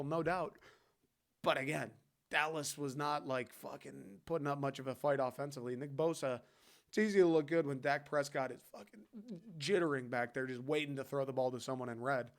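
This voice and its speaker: A man hosting a casual sports podcast, talking in a loose, heated rant full of swearing. His voice sits at an everyday middle pitch. He keeps it conversational and chummy, as if talking to a buddy. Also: fairly quick. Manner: profane, fired-up rant; loose and conversational, talks to the listener as "dude". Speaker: podcast host.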